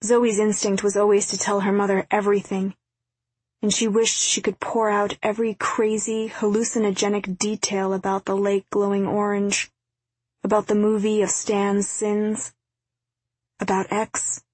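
Husky, flat-voiced woman reading a novel. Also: medium pitch, normal speed, no room sound. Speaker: audiobook narrator. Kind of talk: scripted narration.

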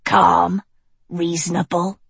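A woman voicing a sharp, worried young witch who talks in a pressing, curt way, a little lower than her narrating voice and set back from the mic. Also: flat delivery, takes it slowly, gravelly, breathy edge, no echo, full character voice. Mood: urging.

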